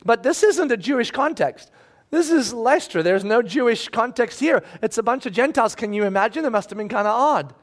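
Man, sermon preacher, very high voice, animated and emphatic, breaks into acted shouts. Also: brisk. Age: adult, married with children. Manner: animated, emphatic, acts out scenes with sudden shouts. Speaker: pastor.

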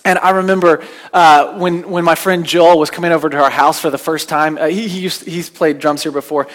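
High-voiced man preaching casually. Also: steady tone, fairly quick, fairly bright tone. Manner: conversational, anecdotal, repeats words when restarting. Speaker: pastor. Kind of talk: sermon.

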